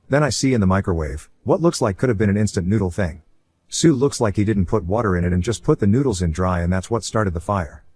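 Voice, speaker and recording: Low-voiced man reading a story aloud. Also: a little mellow. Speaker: story narrator. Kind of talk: reading a first-person online story aloud.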